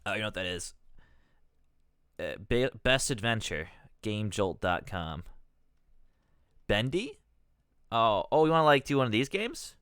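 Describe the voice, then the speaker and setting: Man, live streamer, profane exasperated rants, rambling, lively swooping pitch, bright sharp tone. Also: normal speed, pauses often, clean tone, no echo, studio quality. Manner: rambling, self-interrupting.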